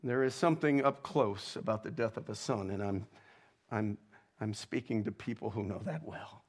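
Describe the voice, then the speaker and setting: A male pastor delivering a sermon in a measured, reflective way, reading quotations with feeling. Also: lowish voice, a little mellow. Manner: slow, measured preaching with dramatic readings of quotes.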